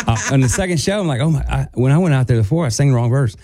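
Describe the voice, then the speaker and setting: A man's voice: mid-range voice, fast, soft background music. A man guest co-hosting a radio show, telling a story casually and acting out quotes in a raised voice. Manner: animated, acts out quotes in a raised voice. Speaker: guest co-host, country singer.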